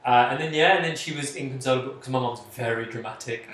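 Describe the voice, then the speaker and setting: A man in his twenties telling a candid personal story as a guest, chatty and open, often pausing on "like". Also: mid-range voice, fairly bright tone. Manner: chatty, open, frequent "like" and self-interruptions. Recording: echoey room, distant mic.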